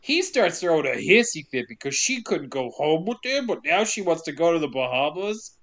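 Guy on a podcast recapping a movie, fairly high voice, laughs a lot, does the characters' lines. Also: normal speed. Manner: animated, laughs often, acts out quotes. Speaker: podcast co-host. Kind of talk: casual movie recap chat.

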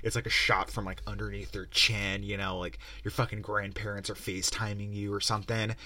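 A man's voice: lowish voice, flat delivery, fairly quick, sharp tone, no room sound. Foul-mouthed ranting young man. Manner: profane, rambling, sarcastic. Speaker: podcast host. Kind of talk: casual rant-style review.

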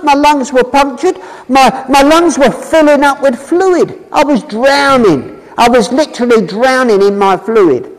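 A man preaching a sermon and telling his own story, emphatic, swinging from loud calls to low drawn-out words. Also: big-room sound, low-quality recording. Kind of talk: street preaching sermon with personal testimony.

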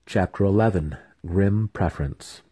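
A man narrating a fantasy novel in a steady, unhurried reading. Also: deep voice, husky. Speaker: audiobook reader.

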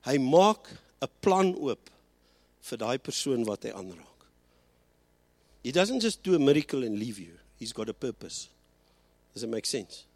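Animated male preacher. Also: fairly high pitch, no echo. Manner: switches between Afrikaans and English, slows and rises for emphasis. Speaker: pastor. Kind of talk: sermon.

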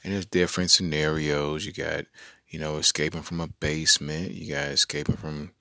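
A man's voice: extremely low pitch, level tone, normal speed, sharp tone, clear, resonant tone, no room sound, studio quality. A man hosting a solo comedy podcast, riffing playfully and talking straight to his listeners. He is a parent with a daughter. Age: adult parent. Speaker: podcast host.

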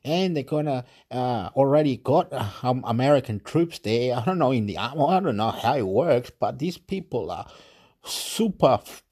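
A man's voice: mid-range voice, animated, moderate pace, darkish tone, husky. A man ranting in an agitated monologue, swearing and repeating himself.

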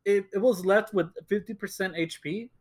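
High-voiced young man telling a story. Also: normal speed. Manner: animated storytelling, acts out quotes, laughs often. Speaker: podcast co-host. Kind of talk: casual chat.

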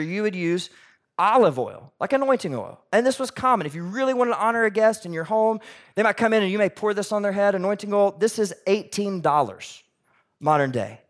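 Male pastor, sermon delivery; slightly high pitch, animated, voices characters in the story.

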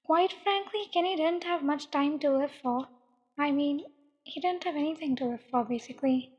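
A woman calmly narrating a dark adult story in a measured way. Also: high voice. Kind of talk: reading dark fiction aloud. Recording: dull, long echoing reverb.

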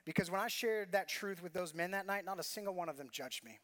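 A man's voice: high voice, fast, a bit bright. A man preaching a sermon as pastor, earnest and confessional, telling a personal story with repeated phrases.

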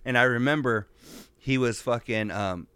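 Man, 30s, podcast co-host, casual profane storytelling, smooth resonant voice, dry close sound. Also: medium pitch, normal speed, fairly bright tone, dry recording. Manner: profane, storytelling, says "dog" a lot. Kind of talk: casual chat.

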